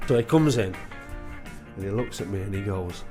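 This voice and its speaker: Ex-goalkeeper, animated lively delivery, over a music bed. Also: male voice, on the low side, normal speed. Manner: loud, animated, sweary, laughing storyteller. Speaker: former goalkeeper. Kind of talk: anecdote telling on a podcast.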